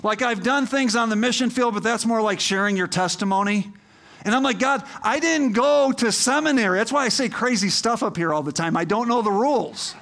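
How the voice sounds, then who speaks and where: Preaching in a high, light, fairly bright voice at a fairly quick clip, this middle-aged pastor addresses his congregation as a friend would. He drops in asides and questions, then climbs toward forceful, stirring appeals.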